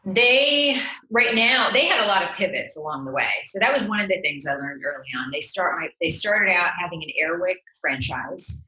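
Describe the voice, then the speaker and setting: Lowish, bright woman in a roomy echo. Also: expressive, normal speed, hardly any pauses. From New Jersey. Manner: upbeat, laughs easily, reflective. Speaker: guest entrepreneur. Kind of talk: casual interview chat.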